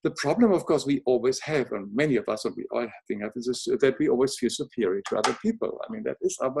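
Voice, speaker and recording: An older man speaks with a noticeable foreign accent. He talks in a soft, earnest and reflective way. He often pauses and restarts his sentences as he thinks aloud in casual conversation. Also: mid-range voice, husky. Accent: noticeable non-native English accent. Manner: halting, many restarts, soft-spoken and earnest. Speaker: podcast guest.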